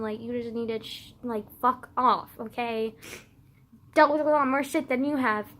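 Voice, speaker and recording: Teen girl ranting, high bright voice, says like a lot, swears, goes from mumbly to loud. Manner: swearing, frequent "like" fillers, swings from low mutters to loud outbursts. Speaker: vlogger. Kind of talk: casual storytime rant.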